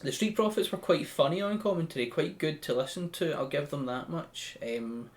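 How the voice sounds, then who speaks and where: A man's voice: on the high side, moderate pace. A man with a Scottish accent hosting a podcast, recapping a show in a chatty, joking way. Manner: chatty, loose and joking, with many restarts. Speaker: podcast host.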